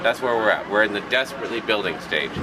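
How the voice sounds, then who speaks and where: An exhausted man answers interview questions outdoors, halting and grasping for words with a few curses. His voice sits at an ordinary pitch, half buried under loud outdoor noise. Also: expressive, distant mic. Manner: halting, searching for words, swears. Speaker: art builder being interviewed. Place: outdoors in the desert.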